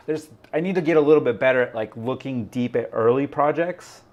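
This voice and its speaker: A man hosting a crypto live stream, talking in a rambling, chatty way full of fillers. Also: mid-range voice. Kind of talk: casual live-stream chat.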